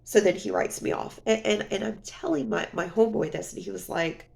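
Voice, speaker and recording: Sniffly woman venting in a vlog, raspy fry-heavy voice, rambly, lots of "you know". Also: mid-range voice, fairly quick, a little mellow. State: sniffly, near tears. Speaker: vlogger. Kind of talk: casual storytime vlog.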